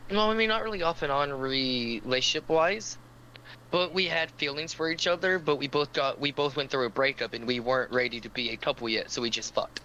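A man's voice: medium pitch, a little fast, pushed and bright, dull audio, slight background noise. A man co-hosting a podcast, telling a long story in casual chat, rambling with lots of fillers, and stammering when he gets teased. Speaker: podcast co-host.

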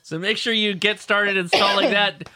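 A man's voice: high-pitched, steady tone, normal speed, bright, forceful tone, a little hiss or hum. A man hosting a podcast in casual chat, tossing out wry jokes and playful asides. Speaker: podcast host.

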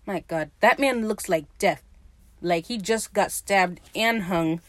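A woman's voice: medium pitch, slow, fairly bright tone, dry recording. Woman gushing through a profane fan recap. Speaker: podcast host. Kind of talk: casual TV episode recap.

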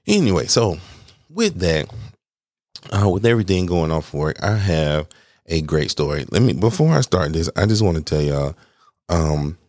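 A man hosting his own podcast in a casual, candid, rambling way, laughing between phrases, swearing freely and poking fun at himself, with a deep voice that people praise as made for radio. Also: big pitch swings, moderate pace, a little mellow, no room sound, studio quality. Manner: candid, rambling, self-deprecating. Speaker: podcast host. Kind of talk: casual solo podcast chat.

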